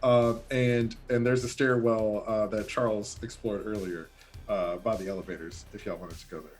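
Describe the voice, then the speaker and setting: A man's voice: lowish voice, steady tone, moderate pace, a little mellow, faint music behind. A man narrating as game master, loose and full of fillers.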